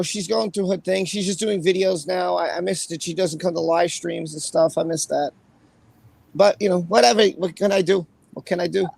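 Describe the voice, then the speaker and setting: A man's voice: high-pitched, vocal fry, no echo. A man hosting a casual livestream, greeting chat viewers by name in a chatty way. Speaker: livestream host.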